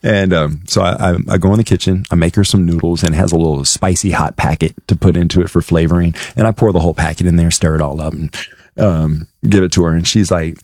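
A man's voice: sits low, steady tone, fast, darkish tone, no echo, studio quality. A young man telling a lighthearted story to camera in a casual way.

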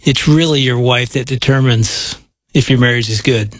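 Measured male interview host. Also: medium pitch, dry recording, clean studio sound.

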